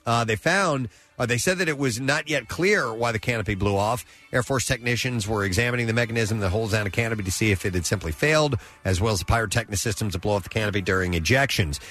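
A man's voice: fairly low pitch, fast talker, a bit bright, faint music behind. A man hosting a casual talk show, reading odd news stories aloud with frequent uh fillers and self-corrections. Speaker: news segment host.

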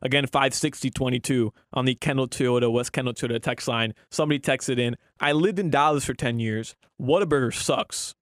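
A man's voice: mid-range voice, brisk, few pauses, no room sound. A man co-hosting and producing a sports radio show, rambling casually with many restarts and fillers on a studio mic.

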